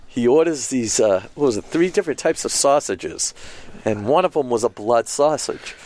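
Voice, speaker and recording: A man's voice: mid-range voice, normal speed. A man co-hosting a casual chat, telling a funny story with lots of energy, getting over a cold. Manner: animated storyteller, acts out voices in quotes. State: recovering from a cold. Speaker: co-host of a cigar podcast.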